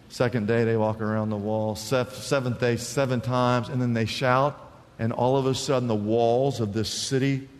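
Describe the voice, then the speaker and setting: A man's voice: medium pitch, darkish tone, long reverb tail. A man pastor preaching a sermon, telling stories animatedly and acting out the people he quotes.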